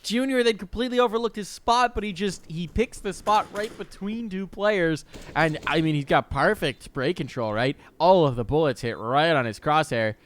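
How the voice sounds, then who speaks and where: A man casting esports play-by-play, excitable and jokey with quick reactions. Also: a little high, a little hiss or hum. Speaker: esports caster. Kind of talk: play-by-play commentary. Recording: game gunfire audible behind.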